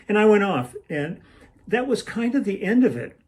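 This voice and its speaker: A man's voice: high voice, very animated, normal speed, a little mellow, a little hiss or hum. Older man rambling through a story. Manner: rambling, meandering, acts out quoted lines. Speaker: musician telling a tour story. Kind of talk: casual storytelling to camera. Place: at home, room with a shelf.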